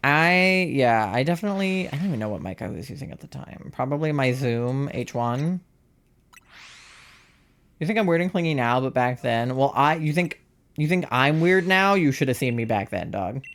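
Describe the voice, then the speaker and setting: A man's voice: mid-range voice, animated, moderate pace, a bit bright. Young trans guy streaming a game from home, rambly chat, says like a lot, medium voice. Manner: rambling, full of "like" and restarts, self-deprecating. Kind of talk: casual chat while gaming on a live stream.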